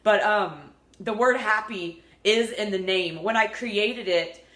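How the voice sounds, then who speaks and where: A woman's voice: medium pitch, slow, a bit bright. A woman in her thirties talking casually to her vlog audience, rambling, upbeat and earnest. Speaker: vlogger. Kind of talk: unedited casual vlog talk. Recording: echoey room.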